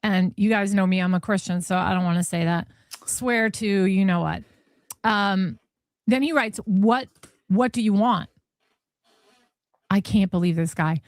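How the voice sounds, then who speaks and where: A woman's voice: mid-range voice, measured pace, long pauses, no room sound. A woman host reading text messages aloud and reacting with disbelief and laughter. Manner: incredulous, laughing. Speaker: commentary host. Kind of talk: reading texts aloud with commentary.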